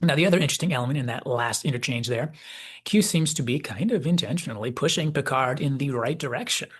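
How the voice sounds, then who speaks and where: Husky-voiced man giving thoughtful analysis. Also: mid-range voice, a bit bright. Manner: measured, reflective, quoting dialogue. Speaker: video essay host. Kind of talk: analytical commentary.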